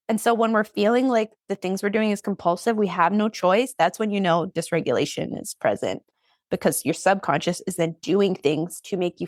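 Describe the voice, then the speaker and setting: Woman, podcast guest coach; emphatic bursts, mid pitch, dry recording. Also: no echo. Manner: energetic, emphatic, quick bursts with pauses. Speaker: ADHD therapist and coach, guest. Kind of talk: podcast interview.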